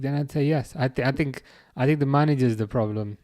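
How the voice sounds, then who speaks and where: A man hosts a relaxed football chat stream, working through viewer comments one by one. His voice sits at an ordinary middle pitch, and he hesitates a lot, with frequent "um"s and false starts. The sound is dry and close, with no room echo. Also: normal speed, few pauses. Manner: hesitant, lots of fillers and restarts. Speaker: livestream host.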